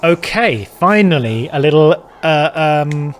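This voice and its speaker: A man's voice: on the high side, lively intonation, slow, slight background noise. A man hosting a casual let's-play, thinking aloud, muttering and swearing as he plays. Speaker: gaming channel host.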